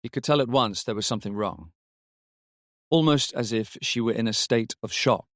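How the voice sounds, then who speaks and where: A man narrating an audiobook story in a measured, even manner. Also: medium pitch, dry recording, studio quality.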